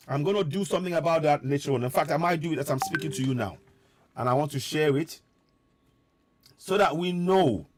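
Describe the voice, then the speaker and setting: A man's voice: on the high side, no echo. A man giving a fervent live-streamed address to viewers abroad, repeating his points with preaching emphasis. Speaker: political commentator addressing diaspora viewers.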